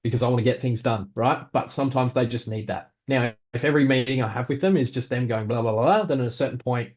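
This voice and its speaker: A male pastor, giving a practical leadership talk in a relaxed, conversational way with frequent ums. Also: mid-range voice, fast, highs cut off.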